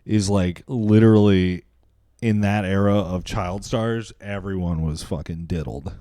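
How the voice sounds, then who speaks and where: A man's voice: low-pitched, a little slow, mellow, dry recording, clean studio sound. A young man co-hosting a casual late-night podcast, rambling through stories, swearing and acting out quotes. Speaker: podcast co-host.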